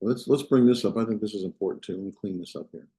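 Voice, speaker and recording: This male Biblical Hebrew teacher talks quickly in a lowish, warm voice that reverberates. He lectures informally, often starting sentences over and pausing to see if the class is with him.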